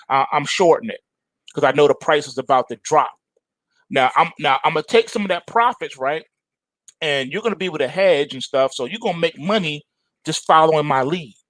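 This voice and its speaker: A man's voice: on the high side, lively intonation, normal speed, a bit bright, no echo. A man voicing a big male tiger who talks in swaggering street slang. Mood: scheming.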